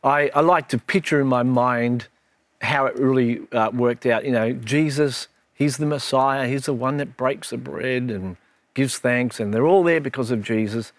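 A man's voice: mid-range voice, normal speed, no room sound. A middle-aged man, a minister, in an earnest and reflective Bible discussion with his daughter, telling stories as he goes.

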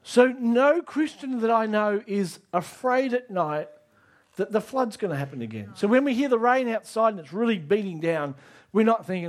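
A man preaching a sermon, emphatic, asking the audience direct questions and rising to near shouts on key lines. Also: high voice, animated, normal speed.

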